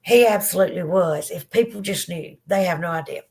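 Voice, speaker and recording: A woman's voice: on the low side, a little fast, darkish tone. Teary Southern woman chatting. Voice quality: affectionate, emotional, rambling. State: teary from crying. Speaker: livestream podcast host. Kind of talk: casual chat to live viewers.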